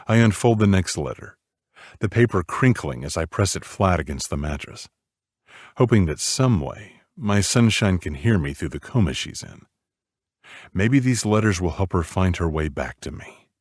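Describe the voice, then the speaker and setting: Deep guy narrating a romance audiobook, subdued, dry close mic. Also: expressive, normal speed, dry recording. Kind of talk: scripted first-person narration.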